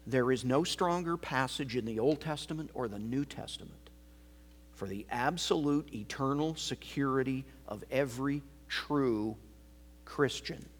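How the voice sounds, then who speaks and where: A man preaching a sermon, slow and emphatic, repeating key words for weight. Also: mid-range voice. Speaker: pastor.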